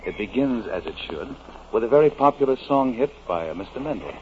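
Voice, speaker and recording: A man narrating the opening of an old radio drama in a measured announcer style. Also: medium pitch, lively intonation. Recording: dull old radio recording, heavy hiss.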